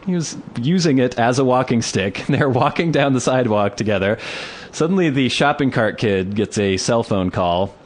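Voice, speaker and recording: Animated male podcast co-host. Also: mid-range voice, moderate pace. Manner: animated anecdotes, acting out voices. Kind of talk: casual chat, storytelling.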